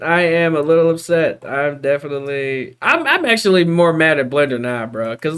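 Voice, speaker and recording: Exasperated streamer with swooping pitch. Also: lively intonation, measured pace, a bit bright, clean tone. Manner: exasperated, swears a lot, groans and vents; calls viewers bro, dude and guys. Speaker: streamer teaching 3D character creation. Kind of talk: casual live-stream chat.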